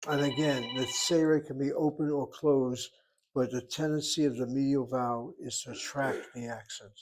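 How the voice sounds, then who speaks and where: A man teaching an informal class, talking through grammar step by step. His voice sits at an ordinary middle pitch, and he thinks aloud as he explains. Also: steady tone, normal speed, a little mellow, low-quality recording. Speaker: Hebrew teacher. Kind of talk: informal recorded class lesson.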